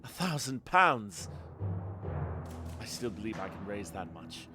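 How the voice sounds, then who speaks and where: A man's voice: fairly low pitch, very animated, measured pace, voice pushed down. A man voicing a formal, earnest male academic in a video game, speaking politely and pleadingly over game music. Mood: desperate. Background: background game music.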